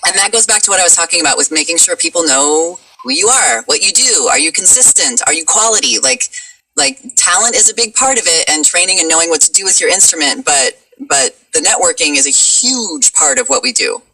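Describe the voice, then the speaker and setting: A woman guest in a casual chat, talkative and quick to laugh. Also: lowish voice, animated, vocal fry, pushed and bright, distant mic, poor audio. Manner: chatty, laughs easily. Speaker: guest, voice actress.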